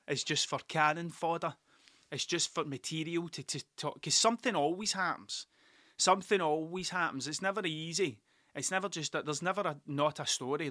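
A man rambles through a story, swearing freely and laughing at his own tales. His voice sits a bit high and sounds bright and forceful. The recording is dry and close, with no room sound. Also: dry recording. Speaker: podcast host. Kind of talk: casual storytelling monologue.

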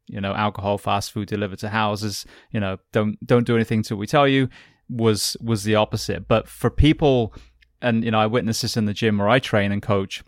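A man's voice: fairly low pitch, no room sound, studio quality. A man hosting a podcast who asks long, wandering questions full of fillers. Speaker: podcast host. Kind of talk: interview question.

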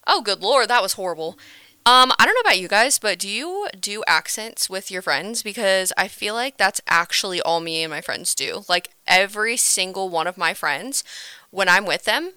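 A young woman talks straight to camera in a loose, rambling way, peppering her sentences with "like." Her voice is bright and crisp, recorded close and dry with no room around it. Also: mid-range voice, lively intonation, moderate pace, dry recording. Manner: chatty, rambling, full of "like" and laughs. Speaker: vlog host. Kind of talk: casual chat to camera.

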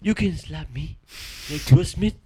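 A man's voice: on the high side, animated, measured pace, darkish tone, breathy edge, voice pushed up, full character voice. A man voicing a rambling elderly grandpa character who talks in broken, childlike phrases. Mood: silly.

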